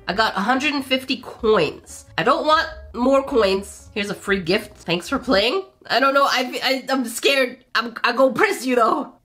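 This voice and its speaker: A woman hosting a casual let's play of a mobile game, playful and expressive, with jokey asides to her viewers and big jumps in pitch. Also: normal speed, few pauses. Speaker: gaming channel host.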